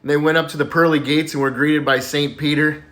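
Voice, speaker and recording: A man's voice: fairly high pitch, flat delivery, brisk, fairly bright tone. A man telling dirty jokes in a casual, folksy storytelling way. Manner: folksy storyteller, plays each character with a raised voice. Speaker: joke teller.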